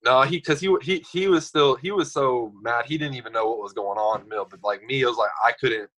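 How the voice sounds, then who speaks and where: A young man in his twenties, a podcast guest telling stories in a casual, animated way. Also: medium pitch, fast, rough recording. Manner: animated storyteller, acts out others' lines. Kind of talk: casual storytelling.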